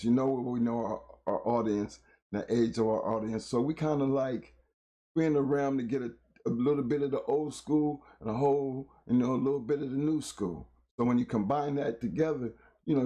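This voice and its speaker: Hoarse middle-aged man hosting a live talk show. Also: medium pitch, dark tone. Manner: loose, rambling slang-heavy talk with many fillers. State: hoarse from illness.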